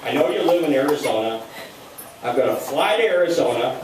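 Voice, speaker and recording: A man's voice: mid-range voice, expressive, a little fast, over a noisy crowd, close to an everyday voice. Older man quoting a coaxing young woman. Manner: coaxing, insistent. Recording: echoey room, distant mic, background noise.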